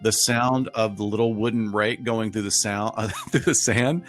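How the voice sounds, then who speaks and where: A man co-hosting a podcast livestream in casual chat, talking with quick asides and frequent laughs. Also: on the low side, fairly even intonation, fairly bright tone, faint music behind. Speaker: podcast co-host.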